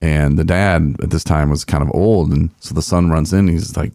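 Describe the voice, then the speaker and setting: A man's voice: very deep voice, fairly even intonation, normal speed, vocal fry, mellow, no room sound, studio quality. A man hosting a podcast, telling a story in a rambling, folksy way with many fillers. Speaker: podcast host. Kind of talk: casual storytelling chat.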